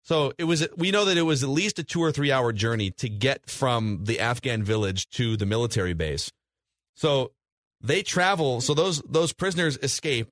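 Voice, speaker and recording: A man co-hosting a casual movie podcast, retelling scenes in long animated stretches. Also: medium pitch, no room sound, studio quality. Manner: animated storytelling, recaps scenes at length. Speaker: podcast co-host. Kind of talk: casual movie review chat.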